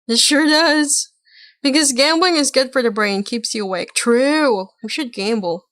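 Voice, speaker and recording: A woman's voice: sits high, unhurried, a bit bright, dry recording. A woman streaming, reacting to videos with casual commentary and joking, laughing asides.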